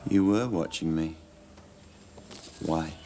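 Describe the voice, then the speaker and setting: An actor playing a cruel, controlling male kidnapper who issues quiet whispered threats and sudden shouted commands. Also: a bass voice, slow pace, slight background noise, heavily acted. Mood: menacing. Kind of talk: action film acting.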